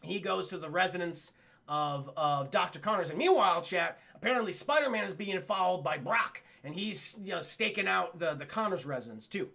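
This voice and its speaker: A male streamer retells a cartoon episode in a loose, profane ramble, calling out to his chat. His voice sits high and bright, with a gravelly rasp running through it. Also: lively intonation, a little fast. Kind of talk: livestream episode recap.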